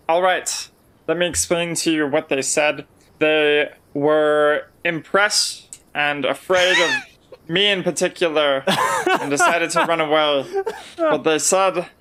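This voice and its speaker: A man's voice: a little high, fairly bright tone, clean tone. A man playing a tabletop game, eager and playful as he explains his moves. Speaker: player.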